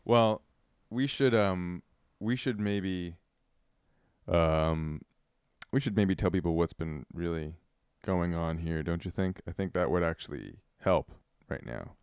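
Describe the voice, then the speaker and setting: Smooth deep-voiced male co-host. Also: slow, a little mellow, no room sound, clean studio sound. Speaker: radio co-host. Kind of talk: casual radio banter. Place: radio studio.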